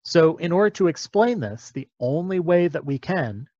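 Guy explaining stuff slowly and carefully like a lecture, dry muffled-ish recording. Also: mid-range voice, a little mellow, dry recording. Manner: patient, methodical explaining.

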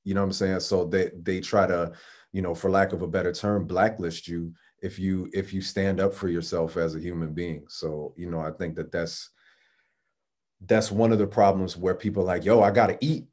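Panel speaker: man, low voice, frank conversational delivery, checks in with listeners often. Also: steady tone, normal speed, a little mellow. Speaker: adult film performer on a panel. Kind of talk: panel discussion.

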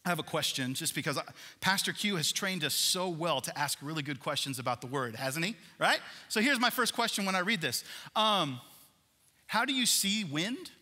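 Bright-voiced man preaching in a church hall. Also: on the high side, normal speed. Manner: animated, asks the congregation questions. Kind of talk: sermon. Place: large church worship center. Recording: long hall reverb in a church.

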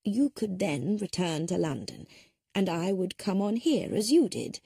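With a mid-range, gravelly, warm and husky voice, a woman gives an exaggerated performance as an elderly spinster sleuth in an audiobook reading. She's very animated but speaks a little slowly. The gentle yet sharp-witted character reasons thoughtfully in a mild, polite way, on a dry, clean studio recording.

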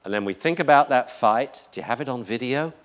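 A man's voice: mid-range voice, expressive, brisk. A man giving a live lecture on dog behavior in a chatty, joking, anecdotal way.

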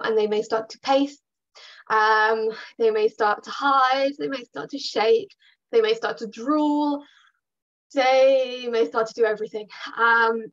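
Woman dog trainer, high voice, chatty and reassuring workshop delivery, lo-fi sound. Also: a bit bright. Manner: chatty and reassuring, with fillers and upbeat put-on bits. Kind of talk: online workshop talk.

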